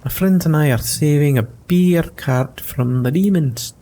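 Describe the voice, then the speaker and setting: A man's voice: a little high, a little slow, warm tone, slight background noise, pitched above the performer's own voice. A man voicing a sheepish young male halfling rogue who stammers and gets flustered in a video game.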